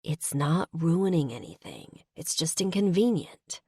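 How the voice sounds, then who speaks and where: Brief: woman voicing a slow, hushed, awkward alien man for an audiobook. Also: big pitch swings, breathy edge, dry recording, studio quality, exaggerated voice. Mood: soothing. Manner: slow, low and hushed, at times whispered. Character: gruff alien man, stilted, awkwardly gentle. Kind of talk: audiobook character voice.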